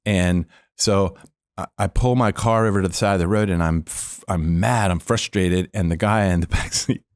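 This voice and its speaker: A man's voice: low-pitched, moderate pace, dry recording, clean studio sound. A man, a former police officer, telling a long story as a podcast guest, acting out the people in it and laughing now and then. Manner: animated storyteller who acts out the people he quotes; laughs often while telling. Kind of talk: storytelling interview.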